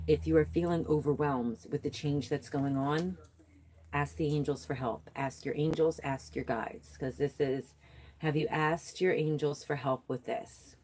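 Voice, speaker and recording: Low-pitched woman with a lilt, livestream spiritual reader; calm, repetitive guidance, light room noise. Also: poor audio. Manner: soothing and slow, repeating affirmations; chatty and encouraging, greeting viewers by name. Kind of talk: guided meditation and tarot reading on a livestream.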